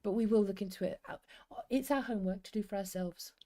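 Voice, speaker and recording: A woman's voice: mid-range voice, fast talker, warm tone. Chatty middle-aged English woman co-host. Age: 50s. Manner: chatty, rambling, laughs often. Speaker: co-host reading stories. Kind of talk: casual livestream chat and story reading.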